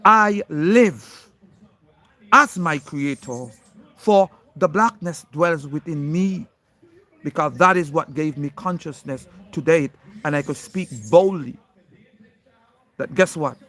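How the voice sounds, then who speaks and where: A man with a fairly high voice delivers an impassioned, preachy monologue at a slow, deliberate pace. He speaks straight to a critic and hammers single words for emphasis. He sounds insistent and certain throughout. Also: sharp tone. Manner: preachy, addressing an unseen critic directly.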